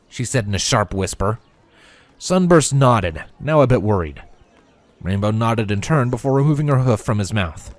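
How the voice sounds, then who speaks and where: A man reading fanfiction aloud as narrator, in a lively storytelling manner. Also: fairly low pitch, normal speed.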